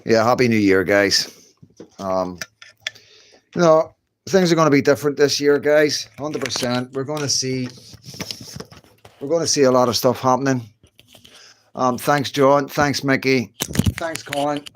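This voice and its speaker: A man's voice: medium pitch, unhurried, long pauses, slight background noise. A middle-aged man, chatting casually on a livestream from home, reassuring and conversational. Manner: chatty, reassuring, keeps saying "you know what I mean". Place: at home, indoors.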